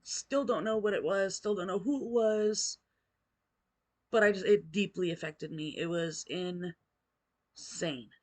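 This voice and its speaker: A woman's voice: mid-range voice, slow pace. A middle-aged woman vlogger telling a personal ghost story, candid and emotional, swearing casually.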